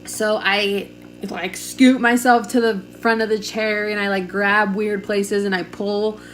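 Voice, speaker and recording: A woman's voice: mid-range voice, little pitch movement, unhurried, a bit bright, slight background noise. A young woman telling a personal story in a chatty, casual way, full of "like" fillers, recorded on a camera mic at home. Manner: chatty, lots of "like", acts out quoted dialogue. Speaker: vlogger.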